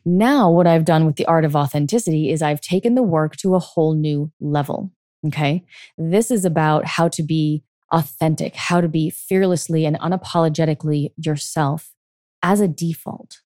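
A woman's voice: sits low, normal speed, warm tone, no echo, studio quality. A middle-aged woman hosting a solo podcast as a life coach, talking earnestly and often checking in with "okay?".

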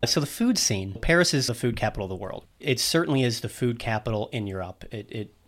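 A man hosting a podcast, explaining things in a chatty way and teasing himself. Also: mid-range voice. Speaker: podcast host. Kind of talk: casual podcast conversation.

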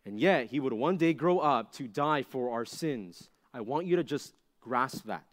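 A young adult man preaching a conversational sermon to junior high students, animated and full of rhetorical questions. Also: measured pace. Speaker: youth pastor.

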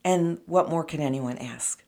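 A woman's voice: low-pitched, measured pace, a little mellow. A woman giving earnest, encouraging relationship advice, speaking straight to her viewers. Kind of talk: advice talk to camera.

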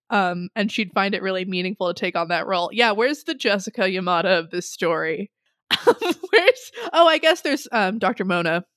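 A woman's voice: mid-range voice, a bit bright, no room sound, clean studio sound. A young adult woman co-hosting a podcast, reading listener submissions in a chatty, giggly way with many ums. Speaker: podcast co-host.

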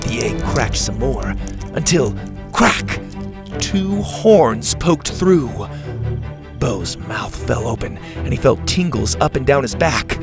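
A man narrating a children's adventure story in a lively storytelling manner. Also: mid-range voice, gravelly.

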